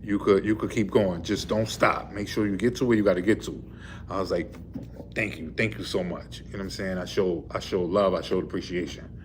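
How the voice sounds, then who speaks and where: A man's voice: low voice, fairly even intonation, a little fast, slight background noise. A man, a truck driver, casually retelling a run-in with the police, rambling and full of fillers. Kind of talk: casual storytelling vlog. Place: in a vehicle.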